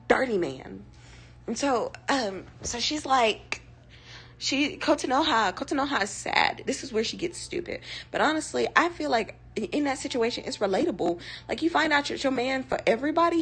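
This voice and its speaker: A young woman streamer chatting casually, with sassy, slangy, rambling commentary in a breathy, husky voice. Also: sits high, lively intonation, normal speed, a bit bright. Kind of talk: casual chat.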